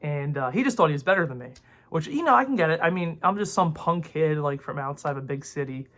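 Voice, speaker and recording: A man's voice: fairly high pitch, animated, fast, a bit bright. A young man ranting to camera in a rambling, heated way, full of filler words and swearing. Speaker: vlogger. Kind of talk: casual opinion rant to camera.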